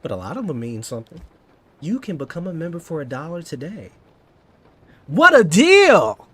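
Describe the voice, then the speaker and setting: A man's voice: fairly high pitch, very animated, fast talker, warm tone, a little hiss or hum. A man in his thirties chatting casually with his viewers in a playful, joking way, now and then tipping into over-the-top dramatics. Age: 30s. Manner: playful and joking, slips into exaggerated dramatic bits. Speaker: coding vlogger. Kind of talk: casual chat to live viewers.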